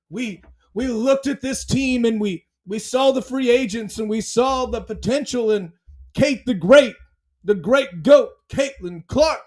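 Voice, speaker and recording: A man hosting a sports fan podcast, ranting in a dramatic, excitable way and repeating his phrases. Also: high-pitched.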